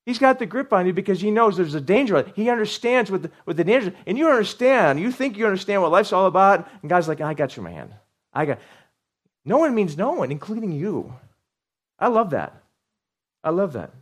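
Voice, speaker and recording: A middle-aged man preaching a sermon, animated, repeating words for emphasis and asking his congregation questions. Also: sits high, a little fast. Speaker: pastor.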